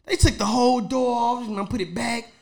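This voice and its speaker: A man telling a story in casual chat, animated and laughing often as he acts out the people in it. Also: very high-pitched, normal speed.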